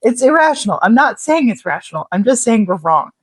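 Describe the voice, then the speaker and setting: A woman's voice: fairly high pitch, very animated, brisk, slightly rough, no echo. A woman co-hosting a casual commentary podcast, chatty with rambling asides and frequent giggles. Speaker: podcast co-host.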